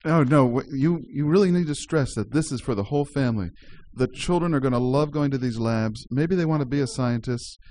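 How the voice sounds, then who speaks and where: A man's voice: mid-range voice, brisk, hardly any pauses, a little mellow. Chatty man hosting radio. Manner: chatty, laughs easily, restarts often. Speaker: radio show host. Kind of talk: casual community radio chat.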